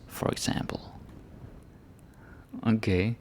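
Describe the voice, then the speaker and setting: Gravelly low man teaching. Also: a little hiss or hum. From Denmark. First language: Danish. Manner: relaxed explaining, slows down to read phrases. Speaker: language teacher. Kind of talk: casual language lesson.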